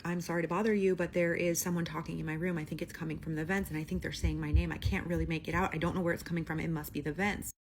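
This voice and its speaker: A woman telling a creepy hotel story in a casual, chatty way, acting out the people's lines with lots of fillers. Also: on the low side. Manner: chatty retelling with quoted voices and "like" fillers.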